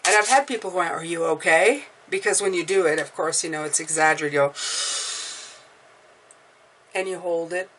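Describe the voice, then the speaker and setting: A woman with a slightly low voice gives a casual, encouraging spiritual pep talk as a tarot reader. She repeats her points and takes audible deep breaths. She sits a little back from the mic, with faint noise behind her. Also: fairly quick, long pauses, a bit bright, recorded from a distance, rough recording. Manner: encouraging, repeats herself, breathes deeply aloud.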